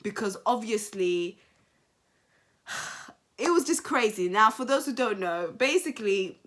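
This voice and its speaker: A young woman giving casual reaction commentary, animated and emphatic, repeating phrases for effect. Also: medium pitch, measured pace. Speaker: commentary vlogger.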